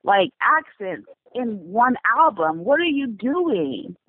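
A woman with a slight speech impediment ranting in an exasperated, animated way during a casual chat. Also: fairly high pitch, slow, no echo. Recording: tinny phone-like sound with faint noise.

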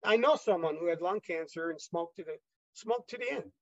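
Slightly high-voiced man, halting storyteller. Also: no echo, dull audio. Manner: halting, with many fillers and restarts. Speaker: podcast guest. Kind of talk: casual storytelling interview.

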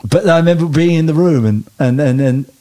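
A man telling lively personal stories as an interview guest, often stumbling and restarting mid-sentence. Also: a little high, fairly quick. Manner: animated anecdotes with hesitant restarts. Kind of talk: storytelling interview chat.

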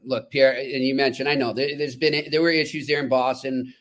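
A man co-hosting a sports podcast, telling stories in an animated, emphatic way. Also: mid-range voice, fairly quick. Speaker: podcast co-host. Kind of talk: casual sports chat.

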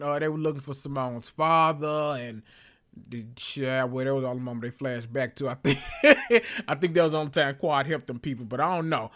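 High-voiced and fairly bright, this man hosts a podcast and recaps reality TV in a loose, profane chat. His talk wanders as he cuts himself off mid-thought.

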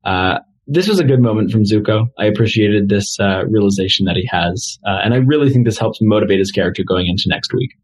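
A man's voice: on the low side, fast, hardly any pauses, slightly rough. A man co-hosting a podcast, chatting casually through a recap with lots of fillers. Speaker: podcast co-host.

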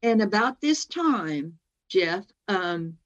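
A woman's voice: medium pitch, takes it slowly, muffled recording. Rambling woman telling a personal story. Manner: animated, acts out other people's words in quotes; rambling, with many fillers and "anyway".

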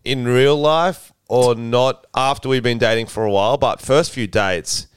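A man's voice: mid-range voice, clean tone, dry recording, studio quality. A man co-hosting a podcast, trading crude jokes and laughing often in casual banter. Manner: crude, joking, quick to laugh. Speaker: podcast co-host.

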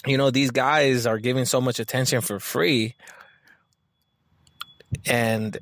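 A man's voice: mid-range voice, steady tone, slow, a bit bright, no echo. A man talking casually in a monologue, swearing often and rambling with lots of filler words.

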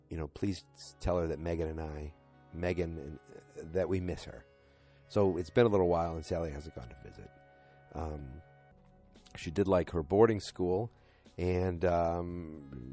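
A man with a deep, slightly husky voice casually recaps a TV episode, wandering through scenes and quoting characters with lots of "you know" and "like". Faint music sits underneath his talk. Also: mellow. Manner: rambling retelling full of fillers and "he's like". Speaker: podcast host recapping a TV episode.

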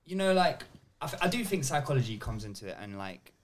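A man's voice: mid-range voice, sing-song, fast talker. A man on a football podcast panel reflecting casually on a player's state of mind. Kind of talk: casual chat.

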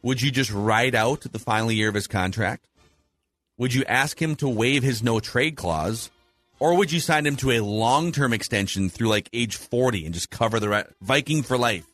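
Recorded dry with soft music underneath, a man of medium pitch talks at normal speed in a fairly bright tone. He hosts a laid-back sports podcast, analyzing poll results and asking his co-host for his views.

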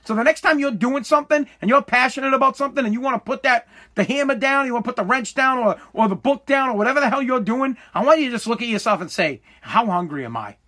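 A man's voice: very high-pitched, fast, bright, forceful tone. A man in his forties hosting a podcast, giving an emphatic, profane motivational monologue full of restarts. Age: 40s. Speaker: podcast host.

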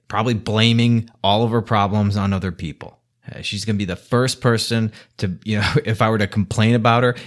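A man with a somewhat low voice is ranting, exasperated and scolding. He swears constantly as he lectures about other people's bad attitudes. It is a one-man monologue vlog. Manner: heavily profane, exasperated, scolding. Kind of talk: angry rant monologue.

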